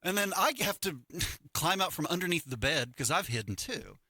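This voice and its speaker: A middle-aged man co-hosting a morning radio show tells stories in casual chat, animatedly acting out the people he quotes. His voice is on the high side at normal speed, captured on a studio microphone in a radio studio with no echo.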